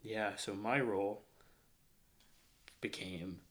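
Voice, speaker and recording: Soft-spoken Arkansas man near tears. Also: fairly low pitch, fairly even intonation. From Northwest Arkansas, US. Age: 30s. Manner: reflective, slows and softens into near-whispers when emotional. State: close to tears. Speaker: guest. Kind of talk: emotional personal interview.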